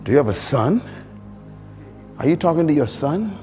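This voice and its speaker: A middle-aged man preaching a sermon in call-and-response style, building to high emphatic peaks. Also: sing-song, normal speed, a little mellow. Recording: long hall reverb with faint music.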